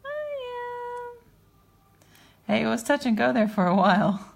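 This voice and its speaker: A woman's voice: mid-range voice, creaky. A woman hosting a livestream, chatting casually and laughing while she sketches. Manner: giggly, chatty, drawn-out. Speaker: livestream host and artist.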